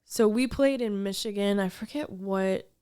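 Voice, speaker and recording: A woman's voice: medium pitch, moderate pace, warm tone, clear, resonant tone. A woman co-hosting a podcast, telling a rambling story in casual chat, full of restarts. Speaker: podcast co-host.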